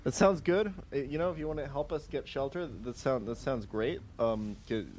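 A man in a tabletop role-play, speaking in character as a captain. He stumbles and repeats words as he talks, at an ordinary pitch. Faint background noise sits behind him. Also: normal speed, darkish tone. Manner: stammering, restarts words. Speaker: player voicing a ship captain.

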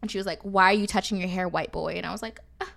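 A young woman chatting casually as a podcast co-host. She tells stories with energy and lifts her pitch when she quotes people. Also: very fast, vocal fry. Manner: animated storyteller, acts out quotes in a higher voice. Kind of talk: casual chat.

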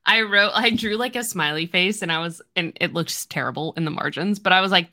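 A woman's voice: fairly low pitch, a little fast, few pauses, pushed and bright, no echo, studio quality. A woman co-hosting a book podcast, chatting casually and retelling scenes with lots of "like" and acted-out lines. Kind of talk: casual chat.

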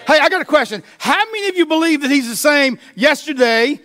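A man pastor preaching a sermon, asking the congregation questions and dropping to a soft low voice for emphasis. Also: lively intonation, a little fast. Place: church.

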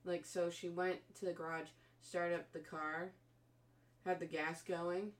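Far from the mic and unhurried, a woman with a voice on the low side recounts a horror film plot casually, cursing liberally and doing the characters' voices in lively fashion.

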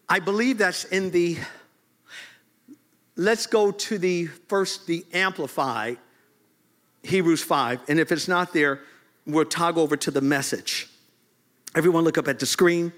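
A man preaching a lively storytelling sermon to a congregation in a church, swinging from low asides to loud high shouts and laughing often. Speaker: bishop, preacher. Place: church service before a congregation.

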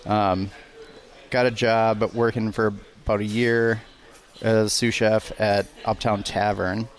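A man, a guest chef, talking casually and plainly about his work history. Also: fairly low pitch. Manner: easygoing, plain-spoken, slow and even. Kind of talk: casual interview chat.

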